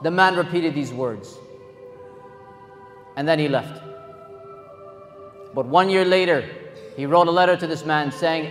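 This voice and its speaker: A man's voice: fairly high pitch, a little slow, pauses often. A man preaching, retelling a story in an earnest, emphatic sermon. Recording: long hall reverb, faint music.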